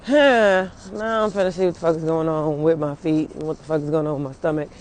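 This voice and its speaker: A woman's voice: low-pitched, fairly even intonation, brisk, darkish tone, a little hiss or hum. A young woman venting casually and angrily on a phone livestream outdoors, swearing often and rambling with many fillers.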